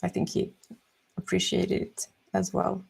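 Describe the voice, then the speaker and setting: A young woman chatting softly and musing slowly while she draws on a live stream. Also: mid-range voice, monotone, gravelly, husky. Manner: soft-spoken, slow and musing. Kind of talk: casual chat while drawing.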